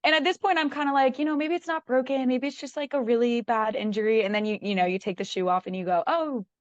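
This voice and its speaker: A woman's voice: fairly high pitch, fairly even intonation, fast talker, no echo. A woman guest telling her own story in casual chat, acting out her thoughts with lots of "like". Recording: dull lo-fi dry sound.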